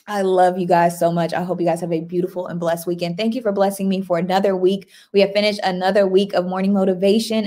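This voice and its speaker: A woman chatting on a livestream. She talks warmly and casually, thanks her viewers and reads their comments aloud. Her voice sits in an ordinary middle pitch. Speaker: livestream host. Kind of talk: casual live-stream chat.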